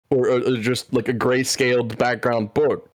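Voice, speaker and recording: A man chatting casually as a player in a tabletop game, excitable and trailing off into fillers. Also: mid-range voice, a little slow, no echo.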